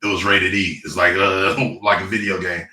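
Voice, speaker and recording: Animated storytelling man in an echoey room. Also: sits low, normal speed. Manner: animated, laughing storyteller, playful trash talk. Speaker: guest, former pro football player. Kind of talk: casual interview storytelling. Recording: echoey room, distant mic, faint noise.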